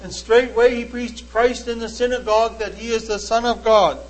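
A man's voice: very high voice, little pitch movement, moderate pace, poor audio. A man preaching in sermon style, earnestly recounting a debate and reading old-fashioned scripture verses aloud with emphasis.

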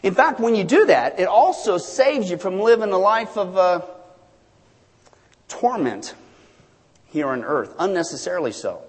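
A pastor preaching a sermon in an animated, joking way, repeating phrases for emphasis. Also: male voice, sits high, unhurried, long pauses, breathy edge, long reverb tail.

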